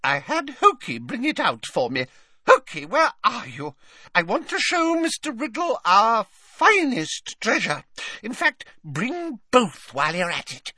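A man's voice: high voice, huge pitch swings, unhurried, sharp tone, slightly rough, dry recording, studio quality, voice pushed up, full character voice. Man putting on a simpering old rich lady. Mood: coy gushing. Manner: simpering, coy, gushing.

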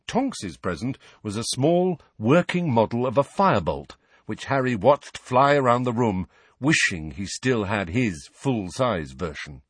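Husky, expressive male audiobook narrator. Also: mid-range voice, measured pace, no echo.

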